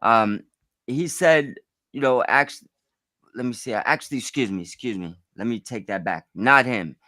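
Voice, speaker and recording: A man co-hosting a casual podcast chat, excitable and rambling, often restarting his sentences. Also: mid-range voice, moderate pace, no room sound, studio quality.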